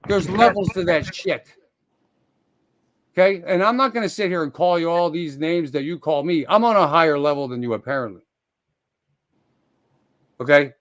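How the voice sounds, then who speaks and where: A man ranting on his own live stream, his voice sitting a little high for a man. He rambles, restarts and curses constantly, confronting people by name and breaking into loud outbursts. The sound is dry and close, with no room around it. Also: brisk, dry recording. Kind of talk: heated live-stream rant.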